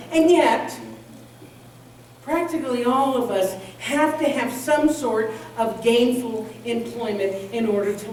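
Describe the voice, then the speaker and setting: In a big, echoing hall recorded from a distance, a minister with a high-pitched voice gives a funny sermon, full of jokes and stories. She tells them in a lively, joking way, with a slight hiss or hum underneath.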